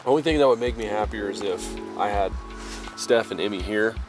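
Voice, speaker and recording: Music plays behind a man with a fairly low-pitched voice who talks briskly while vlogging casually from a mountain campsite. He is an outdoor vlogger whose easygoing, folksy manner includes saying "y'all," and the altitude has him a bit out of breath.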